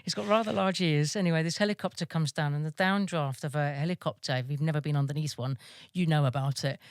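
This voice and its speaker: A woman's voice: low voice, fairly even intonation, fast, dry recording, studio quality. A woman army veteran being interviewed, telling stories casually, swearing freely and laughing as she goes.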